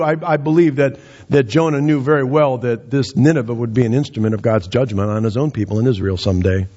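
A man preaching a sermon as pastor, rising in pitch to act out quoted lines with dramatic emphasis. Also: quick pace, dark tone, husky. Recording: dull, muffled sound.

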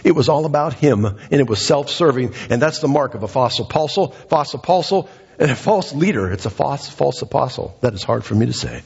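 A male pastor preaching a sermon, emphatic and repetitive, swinging his pitch up and down and short of breath. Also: animated, fairly quick, creaky, a little mellow, husky, in a large hall, muffled recording. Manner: emphatic, repeats phrases, dramatic pitch swings. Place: church sanctuary.

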